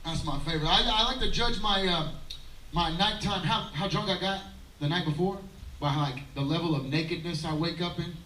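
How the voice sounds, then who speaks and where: Man, 30s, stand-up comedian, rambling and self-mocking, high voice, distant live mic. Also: normal speed, bright, forceful tone, a little hiss or hum. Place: outdoor daytime comedy show. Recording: roomy live sound from a distance.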